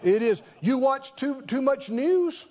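A man's voice: very high-pitched, big pitch swings, slow, a little mellow, muffled recording. A man preaching a sermon, emphatic and fond of rhetorical questions.

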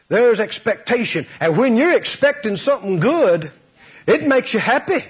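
A man preaching a sermon, animated and often laughing as he acts out voices. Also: sits high, measured pace, long pauses, breathy edge. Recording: dull lo-fi sound.

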